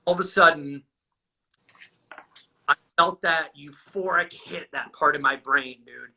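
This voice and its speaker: A guest sharing his recovery story talks about his own experiences in a loose, candid, unhurried way, his slightly high voice very bright and forward with a breathy edge. He swears often and drops "dude" into nearly every sentence, and the recording is rough.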